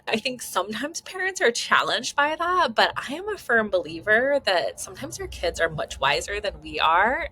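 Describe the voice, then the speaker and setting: A woman's voice: medium pitch, bright, forceful tone, a little hiss or hum. A woman parenting coach giving casual advice to camera, chatty and laughing often, checking in with listeners as she goes.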